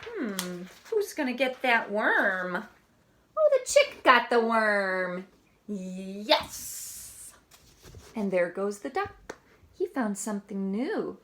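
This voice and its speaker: Slow sing-song woman reading a picture book. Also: medium pitch, very animated, fairly bright tone, a little hiss or hum. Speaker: reader to young children.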